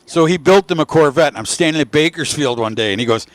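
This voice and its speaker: A man in his sixties commentating live drag racing, telling folksy stories and shouting when the cars run. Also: on the high side, quick pace, hardly any pauses. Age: 60s. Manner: folksy storytelling, shouts with excitement at the action. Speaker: race commentator.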